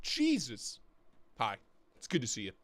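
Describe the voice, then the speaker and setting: A man's voice: medium pitch, huge pitch swings, a little slow, fairly bright tone, dry recording. A man in his thirties hosting a livestream, chatting casually and rambling with jokes and swearing, sore in the neck and back. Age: 30s. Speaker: livestream host.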